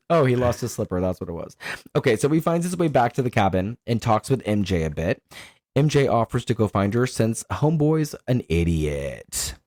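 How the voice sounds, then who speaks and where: A man co-hosting a podcast, chatting loosely with plenty of swearing and laughter. His pitch jumps all over the place, and the sound is dry and close, with no room echo. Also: normal speed. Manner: animated and profane, laughs often. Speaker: podcast co-host. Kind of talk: casual chat.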